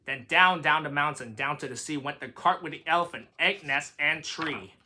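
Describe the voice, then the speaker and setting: A man's voice: a little high, moderate pace, pushed and bright, a little hiss or hum. A man reading a rhyming picture book aloud with a sing-song delivery. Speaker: reader.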